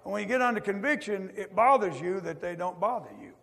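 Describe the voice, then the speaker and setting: A preacher's testimony in a high, gravelly voice, his folksy drawl carrying a long echo off the hall. He swings from loud to hushed and keeps tossing in "amen.". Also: lively intonation, fast talker. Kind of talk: testimony sermon. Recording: echoey hall.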